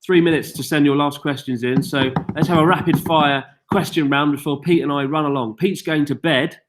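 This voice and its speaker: Chatty British male host, self-deprecating, mid-pitched, live Q&A from a cabin. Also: fairly even intonation, brisk, very noisy. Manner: chatty, self-mocking, reads viewer questions aloud. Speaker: YouTube host answering viewer questions. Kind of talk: casual live-stream chat. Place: log cabin on a mountain.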